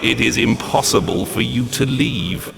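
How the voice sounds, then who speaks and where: An actor playing a malevolent demonic overlord in a video game, gravelly, theatrical and mocking. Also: male voice, mid-range voice, unhurried, background noise. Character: malevolent demonic entity, sneering male overlord.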